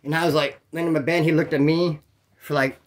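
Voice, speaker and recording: A man telling prison stories in a casual, animated way, swearing often and acting out other people's voices. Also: on the high side, fairly quick. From California. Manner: animated, profane, acts out quoted voices. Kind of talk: casual storytelling.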